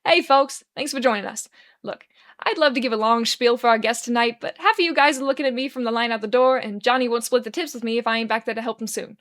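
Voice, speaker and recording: A frazzled, wisecracking bartender man who swears constantly and talks in old-time slang, as a woman acts him out. The voice sits fairly high and pushes loud, cutting through a busy room. It comes from a dramatic fanfiction reading. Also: fast talker, close to an everyday voice. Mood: announcing. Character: brash, fast-talking male bartender, frazzled.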